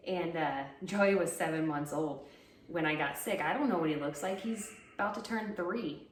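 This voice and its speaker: A woman's voice: on the low side, moderate pace. A woman in her thirties, a podcast guest, talking openly and upbeat with frequent "like". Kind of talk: candid interview talk. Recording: roomy sound, distant mic, faint noise.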